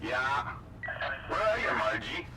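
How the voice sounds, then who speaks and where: An actor playing a laconic small-town police dispatcher with a Minnesota accent, answering in short mumbled replies. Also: male voice, medium pitch, lively intonation, takes it slowly, bright, forceful tone, a little hiss or hum, rough recording.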